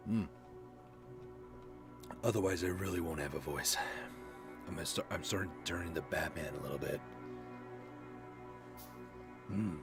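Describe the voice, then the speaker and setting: A young man with a sore throat, rambling quietly through late-night gameplay commentary. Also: low-pitched, lively intonation, a little slow, pauses often, music in the background. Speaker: gaming streamer.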